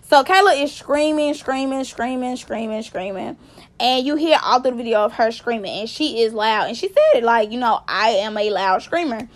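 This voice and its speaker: A woman telling a story to her viewers in casual vlog commentary, animated and emphatic, swearing freely as she rants. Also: on the high side, normal speed. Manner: animated, profane, emphatic ranting; speaks directly to viewers. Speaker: vlogger.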